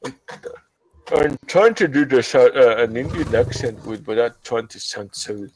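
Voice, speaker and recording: A man's voice: mid-range voice, measured pace, darkish tone, slight background noise, poor audio. A drunk man chatting casually as host, rambling with many restarts and swearing. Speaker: channel host. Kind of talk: casual chat on a group voice call.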